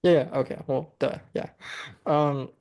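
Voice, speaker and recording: A man's voice: on the high side, steady tone, unhurried, creaky, darkish tone. A man hosting a podcast, laid-back and rambling in casual chat. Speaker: podcast host.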